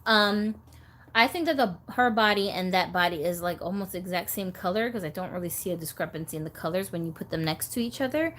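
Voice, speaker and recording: A woman's voice: on the low side, fast talker, a bit bright, slight background noise. A woman hosting a casual live stream about doll collecting, chatty and giggly.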